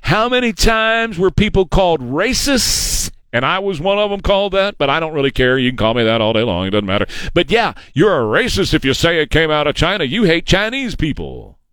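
A man's voice: on the high side, big pitch swings, a little fast, hardly any pauses, a bit bright, clear, resonant tone, dry recording. A man hosting a talk show, giving a combative, sarcastic political monologue and mocking his opponents. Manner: combative, sarcastic, mocks opponents in put-on voices. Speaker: radio talk show host.

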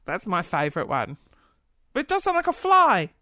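Woman, giggly casual chat, lively up-and-down voice, dry close sound. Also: medium pitch, normal speed, dry recording. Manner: giggly, chatty, playful, with gasps and little asides. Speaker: livestream host. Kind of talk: casual chat, reading viewer comments.

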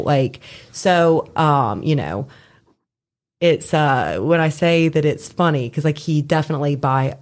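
A woman's voice: low voice, a little mellow. Chatty laughing woman, casual talk. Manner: laughs often, heavy filler words. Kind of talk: casual chat.

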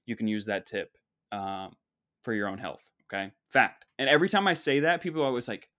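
A man's voice: fairly low pitch, a little fast, fairly bright tone. A man hosting a podcast, telling a comedic story in a rambling, sarcastic, mock-boastful way. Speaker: podcast host.

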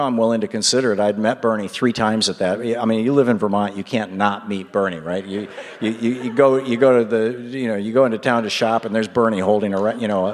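A middle-aged man, a radio host, telling a rambling, animated story with many fillers and laughs at a live event in a large hall. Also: fairly low pitch. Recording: long hall reverb.

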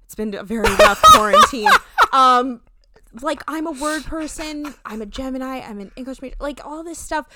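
A young woman with a New Jersey accent, co-hosting a podcast and chatting casually, animated and opinionated, with quick asides. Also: high voice, very noisy. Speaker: podcast co-host. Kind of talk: casual chat.

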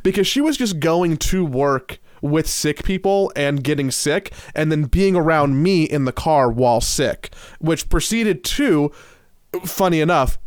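A man's voice: fairly high pitch, clear, resonant tone, no room sound, clean studio sound. A young man co-hosting a casual podcast, rambling and self-mocking, still a bit congested from a cold. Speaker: podcast co-host.

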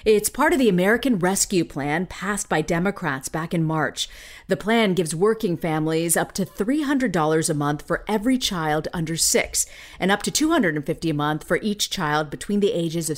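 Low-voiced woman reading news headlines. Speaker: news podcast host.

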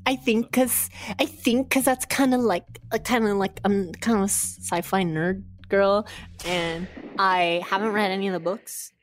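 A woman chats over a video call, answering silly questions with absurd, playful jokes. Her pitch sits in an ordinary middle range. Faint music hums behind her. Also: steady tone, measured pace. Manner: playful absurd joking, breaks into squeals. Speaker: podcast guest. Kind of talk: comedic rapid-fire podcast chat.

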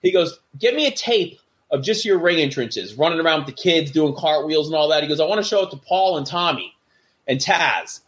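This former wrestler, middle-aged, speaks briskly with a voice on the high side. Chatting casually, he shares backstage tales and animatedly performs the voices of those he quotes.

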